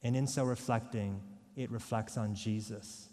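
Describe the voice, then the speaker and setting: A man's voice: lowish voice, steady tone, normal speed, dark tone, in a large hall. A male pastor preaching a sermon, emphatic, asking his congregation rhetorical questions. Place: church.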